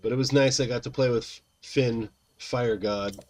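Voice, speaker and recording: A man's voice: mid-range voice, steady tone, measured pace, darkish tone, slight background noise. A tired man in his thirties, rambling casually to his chat while playing a game. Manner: rambling, chatty, talks to chat by name. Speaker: game streamer.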